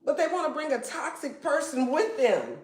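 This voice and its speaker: A woman's voice: high voice, sing-song, normal speed, a little mellow. A woman giving a casual tarot reading in a blunt, slangy way and swearing freely. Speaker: tarot reader. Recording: echoey room.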